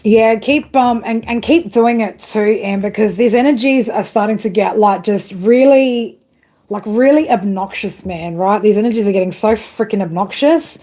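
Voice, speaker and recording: A woman's voice: medium pitch, normal speed, mellow. A woman doing a live-stream tarot reading, ranting bluntly with heavy swearing and chatting to viewers. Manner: blunt, heavily profane ranting. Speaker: tarot reader.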